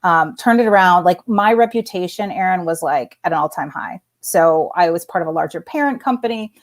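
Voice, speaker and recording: A former executive in her forties, appearing as a guest, tells a personal story in a lively conversational way packed with fillers and restarts. Her voice is lowish and her pace brisk.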